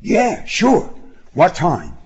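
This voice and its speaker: Man doing an eager young guy, pleading, husky, lo-fi sound. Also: high-pitched, wildly swooping pitch, very slow, darkish tone, pitched above the performer's own voice, heavily acted. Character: eager young man, former school president.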